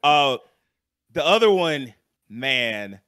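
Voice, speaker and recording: Man, young adult, podcast co-host, casual chat, bright forceful voice, animated, swears, dry close mic. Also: mid-range voice, very slow, clean tone, no room sound. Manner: animated, swears freely, frequent fillers.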